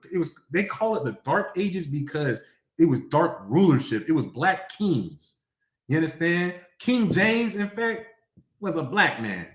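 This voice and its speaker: A man's voice: mid-range voice, fairly bright tone. A man teaching a scripture class in a preachy lecturing manner, often stopping to ask if listeners understand, and reading verses aloud in a raised, declaiming voice. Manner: preachy, checks in often with rhetorical questions. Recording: echoey room.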